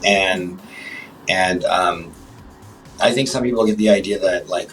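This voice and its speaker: A man talking as a guest on a livestream chat show, speaking haltingly with many restarts and fillers. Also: low-pitched, fairly bright tone, far from the mic, faint music behind, poor audio. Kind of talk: casual interview chat.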